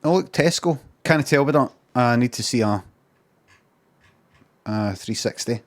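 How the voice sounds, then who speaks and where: A middle-aged Scottish man rambling through a comic rant on a live stream. He swears constantly, circles back and repeats himself, and keeps a plain, average pitch. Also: lively intonation, measured pace.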